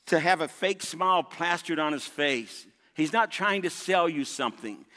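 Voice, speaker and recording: A pastor with a sharp-toned voice on the high side preaches emphatically, repeating key points and calling on the congregation for responses. He is in a large church sanctuary, and the recording holds the long reverb of a big hall.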